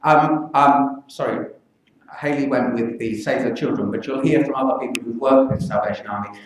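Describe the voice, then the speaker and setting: A man's voice: medium pitch, fairly even intonation, slight background noise. Older man, speaking in an echoey hall. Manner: earnest, measured speaking with pauses. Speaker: pediatric infectious disease physician. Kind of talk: speech at a public meeting. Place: public meeting hall. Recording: echoey hall, mic from far off.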